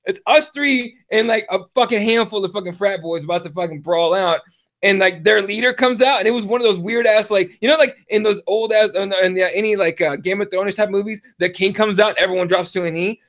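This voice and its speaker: A man's voice: high voice, brisk, a bit bright. A man in his thirties hosting a podcast, telling a rambling story full of fillers and swearing. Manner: profane, rambling, lots of fillers. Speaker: podcast host. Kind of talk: casual chat, storytelling.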